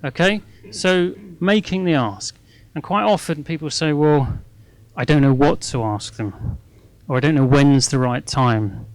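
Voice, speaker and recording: A man's voice: mid-range voice, no echo. A middle-aged man giving a live talk to an audience. His speech is chatty and self-mocking, and he keeps checking in with "okay?". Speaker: guest speaker at a fundraising masterclass.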